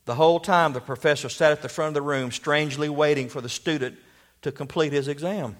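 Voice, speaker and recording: A man's voice: a little high, fairly quick. A man preaching a sermon, telling a story and asking rhetorical questions.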